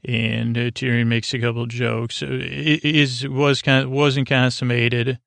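A man's voice: medium pitch, little pitch movement, measured pace, creaky, a bit bright, no echo. A male podcast host giving a casual, rambling recap of a TV episode and often correcting himself mid-sentence. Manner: rambling, loose, self-correcting.

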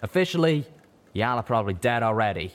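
A man voicing a gruff, blunt cowboy pegasus stallion with a folksy drawl. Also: mid-range voice, big pitch swings, brisk, voice pushed up, lightly acted. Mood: firm.

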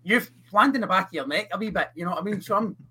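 A man's voice: sits high, very fast, sharp tone, husky. A man with a Scottish accent, a podcast co-host joking casually and swearing freely. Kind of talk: casual chat.

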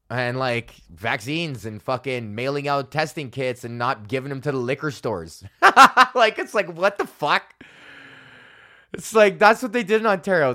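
A man's voice: mid-range voice, fairly bright tone. A young man, a stand-up comedian, ranting casually and sarcastically, swearing often and sounding exasperated. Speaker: podcast host and stand-up comedian.

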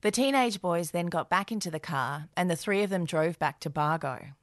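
A woman's voice: fairly low pitch, lively intonation, moderate pace, dry recording. A woman co-hosting a true crime podcast, reading narration and adding dry, sardonic asides. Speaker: podcast co-host.

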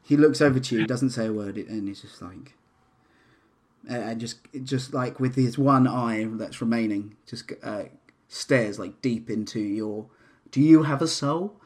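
A man's voice: on the low side, unhurried. A man running a tabletop role-playing game, narrating in a rambling, hesitant way with many fillers. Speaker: game master.

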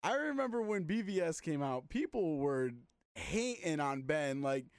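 A man co-hosting a casual podcast chat, animated, swearing and quick to laugh. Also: a little high, clean tone. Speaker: podcast co-host.

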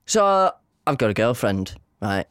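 Man telling a story with lively pitch. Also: unhurried, smooth, dry recording, clean studio sound. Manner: storytelling, mimics others in a high voice. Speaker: podcast co-host. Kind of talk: casual chat.

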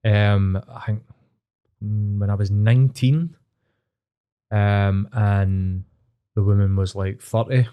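A man's voice: lowish voice, steady tone, takes it slowly, pauses often, clear, resonant tone, lo-fi sound. A Scottish man co-hosting a podcast, talking in a supportive, earnest way and laughing often. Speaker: podcast co-host. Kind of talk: casual chat.

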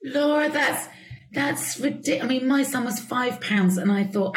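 A woman's voice: high-pitched, a little slow, soft background music, poor audio. A woman hosting a casual chat, reacting with short interjections and questions.

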